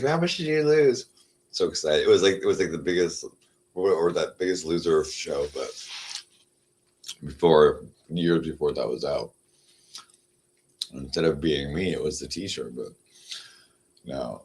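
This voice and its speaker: Low-voiced male streamer, rambling and unhurried, talks to his cat between thoughts. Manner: meandering, heavy on fillers, coos at his cat. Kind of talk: casual rambling livestream chat.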